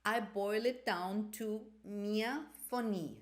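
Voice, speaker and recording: A woman's voice: mid-range voice, sing-song, takes it slowly. A woman teaching a language lesson, explaining carefully and repeating example sentences. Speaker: Greek teacher.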